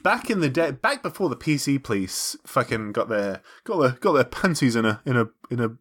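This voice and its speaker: A man co-hosting a casual podcast, joking and swearing as he talks. His pitch swings widely, rising and dropping through each sentence. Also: big pitch swings, brisk, fairly bright tone, breathy edge. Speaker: podcast co-host.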